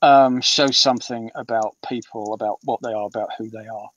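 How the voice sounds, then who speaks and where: Briskly and a bit brightly, a British man in his fifties speaks at a medium pitch with fairly even intonation as an author guest in a casual interview chat. His talk rambles, full of ums and restarts, and the recording sounds muffled, distant and dry.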